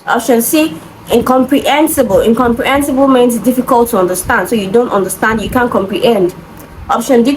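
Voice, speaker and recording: A woman's voice: on the high side, rough recording. A woman, working through exam questions as a tutor, patient and methodical, checking in with "okay?" as she goes. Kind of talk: explaining exam answers. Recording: faint background noise.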